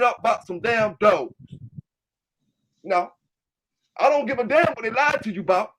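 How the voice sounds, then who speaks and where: A man with a Southern US accent who hosts his own channel about his dog kennel, ranting loudly and with plenty of swearing to his livestream chat. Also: high-pitched, animated, moderate pace, long pauses, a little hiss or hum. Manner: loud, fired-up, profane, keeps repeating filler tags. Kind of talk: livestream rant answering chat.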